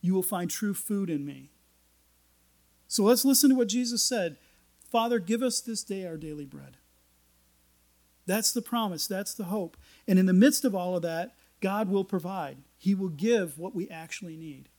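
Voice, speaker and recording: Delivering a sermon at normal speed, a pastor has a high-pitched, expressive voice with a somewhat mellow quality. He reads from scripture and talks it through casually, dropping in homespun humor.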